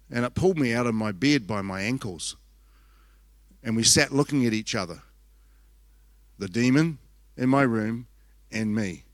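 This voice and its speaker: A man's voice: mid-range voice, dry recording. A middle-aged pastor tells a conference story. He rambles and acts out the quotes with self-mocking asides. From New Zealand.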